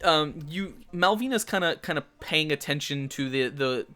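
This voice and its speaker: A man's voice: a little high, lively intonation, normal speed, pushed and bright, clear, resonant tone, faint music behind. A man narrating a tabletop game as game master, rambling with many fillers and restarts.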